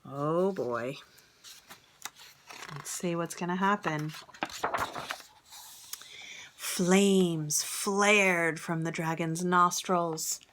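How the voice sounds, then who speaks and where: A woman reading a picture book aloud to children, gently, with whispered asides and questions. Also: on the low side, drawn-out words, pauses often, slight background noise. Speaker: storybook reader.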